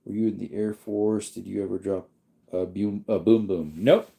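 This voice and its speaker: A man hosting a livestream, reading viewer comments aloud in a relaxed, rambling way while yawning. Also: fairly low pitch, normal speed, gravelly. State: sleepy, yawning. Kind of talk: casual chat.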